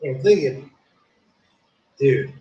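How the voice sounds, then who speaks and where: A man's voice: mid-range voice, animated, very slow, mellow, lo-fi sound. Rambling, profane man in an echoey room. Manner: profane, rambling, says "dude" constantly. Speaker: live streamer. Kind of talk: casual rambling storytelling.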